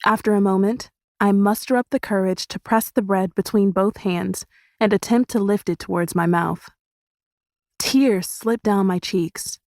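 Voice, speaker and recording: A woman narrating an audiobook in the first person, soft and measured. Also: medium pitch, no echo, studio quality.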